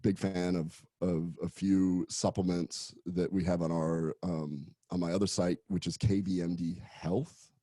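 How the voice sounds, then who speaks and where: A man's voice: deep voice, level tone, a little slow, dark tone, no echo, studio quality. A man, a gastroenterologist guest on a podcast, friendly and easygoing with frequent fillers. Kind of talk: casual interview chat.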